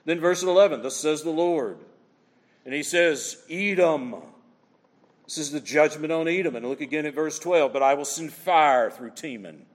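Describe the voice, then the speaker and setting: A man's voice: fairly high pitch, moderate pace, in a large hall. A man preaching a sermon, asking the crowd rhetorical questions and reading scripture aloud with energy. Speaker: pastor.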